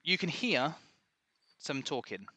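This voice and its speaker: Bright-voiced game master. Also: male voice, on the high side, slow pace. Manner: relaxed, chatty, rambling. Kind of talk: casual game narration. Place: home room with pets.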